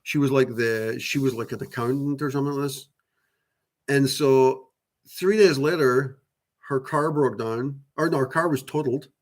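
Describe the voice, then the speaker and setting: A man's voice: mid-range voice, normal speed. A man hosting a channel, talking casually and at length to viewers about spiritual topics, rambling with many fillers, restarts and casual swearing. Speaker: channel host.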